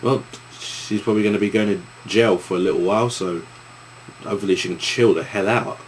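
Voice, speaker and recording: Young East London man, deep voice, loose rambling vlog Q and A delivery. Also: fairly even intonation, a little fast, a little hiss or hum. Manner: rambling, with many restarts and fillers. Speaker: YouTuber answering viewer questions. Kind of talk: casual Q and A vlog.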